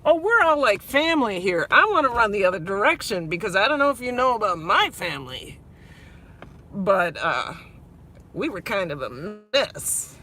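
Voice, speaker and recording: Woman, Minnesota accent, bright tone; rambling live-stream chat from her car. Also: mid-range voice, big pitch swings, normal speed, a little hiss or hum. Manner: chatty, rambling, talks to viewers directly. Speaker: vlogger. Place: inside a car.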